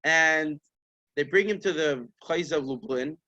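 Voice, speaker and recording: Animated high-voiced rabbi telling a story. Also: male voice, unhurried, highs cut off. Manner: animated storyteller, voices the story's figures, Yiddish-flavored phrasing. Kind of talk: storytelling sermon.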